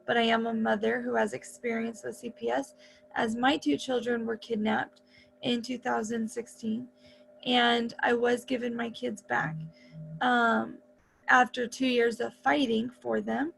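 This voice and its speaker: A woman's voice: fairly high pitch, level tone, measured pace, gravelly, slight background noise, rough recording. A woman hosting an interview, speaking earnestly about her advocacy while she has the hiccups. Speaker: host.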